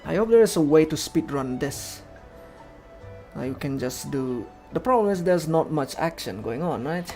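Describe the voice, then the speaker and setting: A man's voice: on the high side, expressive, moderate pace, mellow, soft background music. A young man streaming a game, chatting in a rambling, casual way with clumsy grammar. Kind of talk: casual chat while playing a game. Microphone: desk microphone, no camera.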